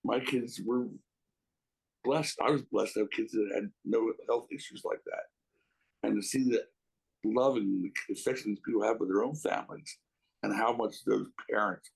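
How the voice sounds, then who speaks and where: A man's voice: fairly low pitch, lively intonation, measured pace, gravelly, husky, rough recording. A middle-aged man, a guest reminiscing in a casual interview, rambling and emotional with many restarts.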